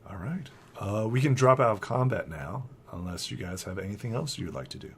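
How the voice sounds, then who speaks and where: A man's voice: lowish voice, animated, a little fast, husky. A man narrating a tabletop game as game master, loose and chatty, with lots of "like" fillers.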